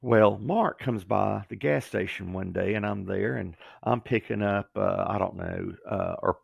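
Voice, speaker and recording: Guy, real gravelly and a bit husky, telling stories with lots of voices, dry close sound. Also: lowish voice, measured pace, no room sound, highs cut off. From Georgia, USA. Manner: animated storyteller who acts out quoted voices. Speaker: guest, former pro wrestler. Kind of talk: storytelling interview.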